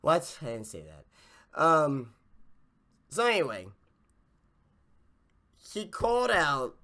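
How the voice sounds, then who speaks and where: A man's voice: on the high side, huge pitch swings, slow, pushed and bright. Swearing, exasperated male podcast ranter. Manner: profane, exasperated ranting. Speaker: podcast host. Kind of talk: casual wrestling review rant.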